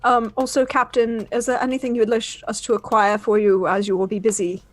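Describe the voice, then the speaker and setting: A man voicing a courteous, eager ship crew member in a high, quick voice during a tabletop game. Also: flat delivery, close to an everyday voice. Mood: eager, polite. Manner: polite, quick, lightly laughing.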